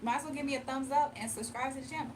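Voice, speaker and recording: A woman's voice: sits high, steady tone, racing, darkish tone, far from the mic, a little hiss or hum. A woman from the US East Coast chatting casually on a morning live stream, laughing often and reading viewer comments aloud. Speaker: live-stream tarot reader. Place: home, early morning.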